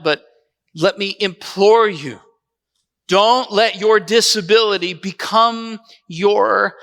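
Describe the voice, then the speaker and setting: This male pastor's dramatized sermon unfolds in the first person, swinging from vivid energy to hushed intensity. His pitch is extremely high, with the echo of a church hall audible around him in the sanctuary.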